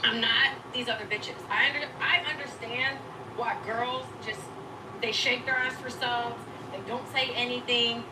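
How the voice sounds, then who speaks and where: A woman with a slightly high voice scolds and swears defiantly on a livestream. Her voice sounds distant and echoey, with clear background noise in the stream audio. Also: fairly even intonation, unhurried. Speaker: livestreamer addressing critics. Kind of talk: confrontational livestream rant.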